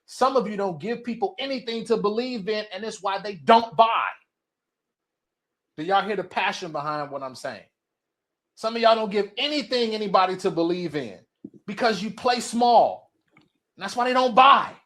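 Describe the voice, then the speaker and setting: A man's voice: high-pitched, animated, moderate pace, a bit bright. A man giving a passionate motivational talk to a live audience of founders, repeating his points for emphasis. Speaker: speaker at a business event.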